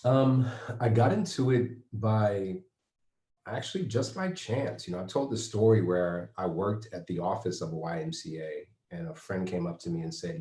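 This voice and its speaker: Very deep voiced guy being interviewed, upbeat, roomy echo. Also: normal speed, dark tone. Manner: upbeat, laughs while telling stories. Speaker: guest, personal trainer. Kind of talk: interview conversation. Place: remote, in his own home base. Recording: echoey room.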